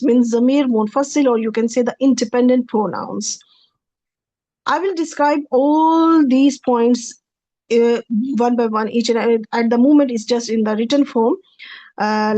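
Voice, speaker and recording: Woman teacher, higher voice, slide lecture, hesitant restarts, dry lo-fi recording. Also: darkish tone, no echo. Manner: hesitant, repeats and restarts, patient explaining. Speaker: Quranic Arabic teacher. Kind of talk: slide-based online lecture.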